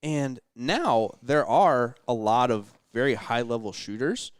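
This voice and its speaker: A man's voice: medium pitch, unhurried, clean tone, no echo, clean studio sound. A man taking part as a podcast guest in a casual late-night chat, thoughtful and hedging his points. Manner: reflective, hedging with fillers. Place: indoors in a rental house.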